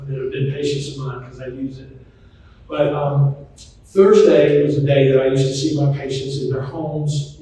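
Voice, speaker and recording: A middle-aged man, a memory doctor giving a folksy, anecdotal talk to an audience, often pausing on ums. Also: fairly high pitch, mellow, a little hiss or hum. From Charlotte, North Carolina. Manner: chatty, anecdotal, hesitant with many ums. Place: large echoey hall, voice from some distance. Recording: echoey hall, mic at a distance.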